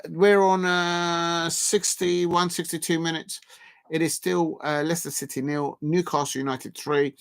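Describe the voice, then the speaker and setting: Hosting a football watchalong livestream, this chatty man from South London rambles and responds to messages from viewers. He has a medium-pitched voice with a fairly bright tone.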